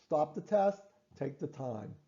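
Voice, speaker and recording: A clinician teaches patients about a breathing test, his voice a little high and sing-song with a dark tone, moving at a measured pace over dull audio. His instructional explanation repeats and stresses the key points, with fillers and restarts along the way.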